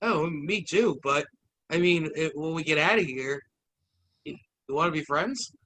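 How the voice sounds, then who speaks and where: A man's voice: on the high side, expressive, unhurried, bright, forceful tone, no echo, heavily acted. A man voicing an eager, friendly male goblin prisoner who keeps asking to be friends. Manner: chirpy, pushy about friendship.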